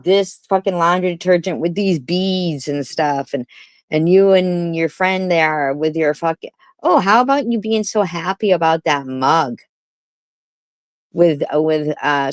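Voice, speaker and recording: A woman's voice: fairly low pitch, no echo. A woman giving blunt, sarcastic commentary on a live stream, swearing often.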